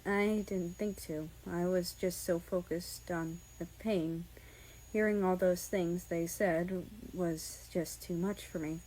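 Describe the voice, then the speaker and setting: A woman reading aloud, voicing a fragile young man who speaks quietly and apologetically through tears. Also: mid-range voice, steady tone, normal speed, a little hiss or hum, natural voice, rough recording. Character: fragile, tearful young man, the first-person hero. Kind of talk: fan fiction audiobook reading.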